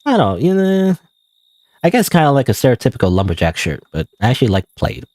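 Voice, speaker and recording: A man's voice: mid-range voice, big pitch swings, quick pace, darkish tone, no echo, clean studio sound. A young man from Canada doing casual game commentary, rambling and self-mocking with frequent restarts. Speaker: gaming streamer.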